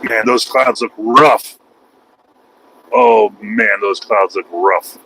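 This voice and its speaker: A man's voice: fairly low pitch, slow, a bit bright, a little hiss or hum, poor audio. A man vlogging while driving his truck, rambling in a folksy, self-mocking way. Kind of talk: casual driving vlog. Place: truck cab on highway.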